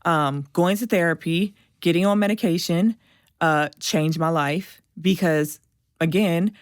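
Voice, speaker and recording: A woman guest on a podcast, telling an emotional personal story in an animated way and acting out the voices of people she quotes. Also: lowish voice, a little slow, no room sound, studio quality.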